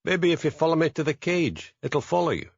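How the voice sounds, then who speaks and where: A man's voice: fairly high pitch, lively intonation, a little fast, vocal fry, husky, dry recording, highs cut off, voice pushed up, full character voice. A man voicing a plain, helpful zoo keeper in an audiobook.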